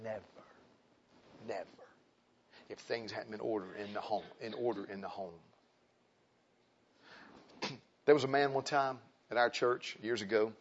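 A middle-aged man, preaching a sermon in church, dropping to quiet testimony and rising to loud, high exhortation. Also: gravelly, slightly rough. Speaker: pastor. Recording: dull lo-fi sound.

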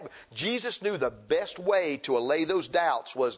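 A preacher delivers a sermon, driving points home by repeating them and reading King James scripture aloud. His voice sits a little high for a man. The recording is muffled and lo-fi. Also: expressive, measured pace, slightly rough. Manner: emphatic, repeats phrases, exhorting.

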